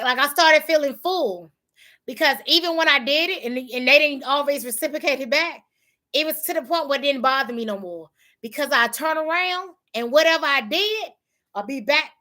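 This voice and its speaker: With a high voice that sounds pushed and bright, this livestream host discusses faith with her audience. Her manner is colloquial and casual yet emphatic and preachy.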